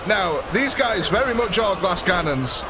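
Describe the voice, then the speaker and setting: A man's voice: sits high, animated, a little slow. A man hosting a live gameplay stream, chatting casually and joking with viewers as he commentates. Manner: chatty, jokey, reads out viewer names. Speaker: livestream host. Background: game music.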